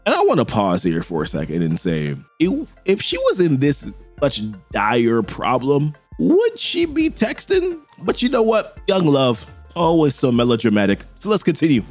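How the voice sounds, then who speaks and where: A man's voice: medium pitch, wildly swooping pitch, normal speed, hardly any pauses, soft background music. A man recapping a comic book in a casual, enthusiastic, chatty way.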